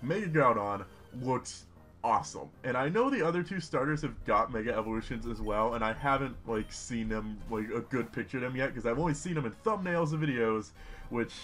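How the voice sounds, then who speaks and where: A young man giving rambling, excitable commentary while playing a video game. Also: mid-range voice, a little fast, faint music behind. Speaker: gaming YouTuber. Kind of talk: casual Let's Play commentary.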